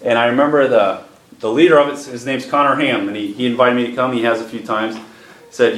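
Guy preaching in church, reads scripture slow, prays, kinda echoey room. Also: mid-range voice, fairly even intonation, a bit bright. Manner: slows and lifts his voice for emphasis, responsive to the congregation. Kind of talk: sermon with scripture reading and prayer. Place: church sanctuary with congregation.

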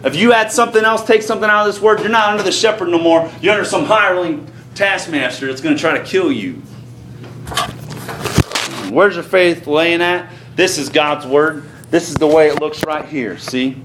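Male pastor, earnest and folksy sermon delivery, slightly raised pitch, faint room hum behind. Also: fairly quick. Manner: plain-spoken, folksy and earnest. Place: church sanctuary. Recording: roomy echo, faint ambient noise.

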